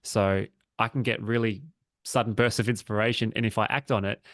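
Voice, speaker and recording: A man's voice: fairly low pitch, steady tone, fairly quick, no echo, clean studio sound. A man chatting casually and reflectively on a podcast, swearing freely. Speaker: podcast co-host. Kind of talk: casual chat.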